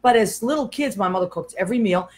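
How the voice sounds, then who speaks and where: Older female radio host, animated storyteller, casual. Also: mid-range voice, fast. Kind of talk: casual chat.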